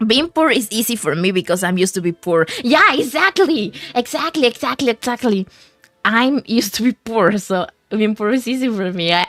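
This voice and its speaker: A woman's voice: mid-range voice, fairly bright tone, no echo. A woman VTuber chatting casually with her stream chat in a rambling, giggly way, often restarting her words, at a desk mic.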